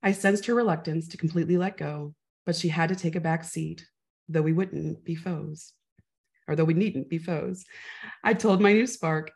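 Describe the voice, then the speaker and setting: A woman reciting her own spoken-word poem with a rhythmic, measured delivery. Her voice sits low and carries a gravelly texture. She lets the lines fall softly and expressively. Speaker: poet. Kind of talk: spoken-word poetry reading.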